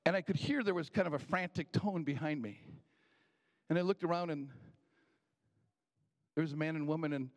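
A man telling a personal story from his boyhood in a folksy, unhurried way, with small restarts. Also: fairly high pitch.

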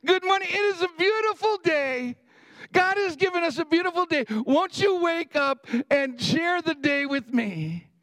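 A man's voice: extremely high pitch, animated, a bit bright, dry recording, voice pushed up, heavily acted. A man putting on a sing-song old woman. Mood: tender, cheerful. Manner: clear sing-songy, slow and cheerful.

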